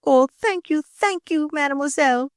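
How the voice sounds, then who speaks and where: A woman doing a coquettish young wife, high and pleading. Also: expressive, moderate pace, dry recording, clean studio sound. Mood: gushing. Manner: breathless, imploring, theatrical. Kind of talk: audiobook character voice.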